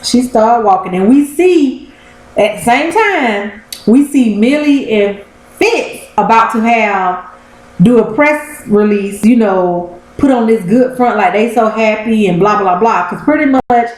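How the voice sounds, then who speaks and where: A woman in her thirties recapping a TV episode in a casual vlog, telling it like an animated story and speaking straight to her viewers. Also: fairly high pitch, unhurried. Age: 30s. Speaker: TV episode reviewer. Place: room at home. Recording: roomy echo.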